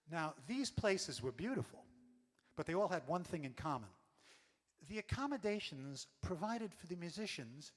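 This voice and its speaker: Brief: wry storyteller man, slightly high voice, on a reverberant stage. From New York. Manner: animated, wry. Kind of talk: comic stage monologue.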